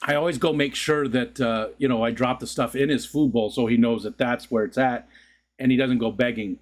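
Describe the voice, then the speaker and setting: Chatting with live viewers from a room at home, a male livestream host rambles loosely and laughs often. His medium-pitched voice stays fairly even and moves a little fast.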